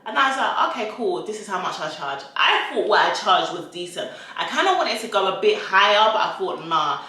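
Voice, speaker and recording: A woman's voice: medium pitch, very animated, a little fast, sharp tone. A young woman chatting casually and sassily as a content creator, slipping into little voices for quotes. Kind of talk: casual chat while eating. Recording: very echoey room.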